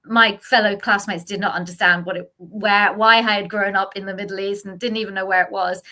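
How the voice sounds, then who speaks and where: A middle-aged woman from the UK talks on a video call in a bright, forceful voice. She is reflective and thoughtful, often trailing off, restarting and filling pauses with "um" and "like." Her pitch sits in a middle range. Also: fairly even intonation. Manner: reflective, many fillers and restarts. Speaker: guest sharing her experience. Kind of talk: casual chat.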